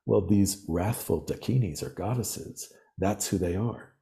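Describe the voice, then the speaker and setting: A man talking as a podcast guest, explaining ideas in earnest, animated storytelling. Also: low voice, measured pace, gravelly. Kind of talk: reflective interview talk.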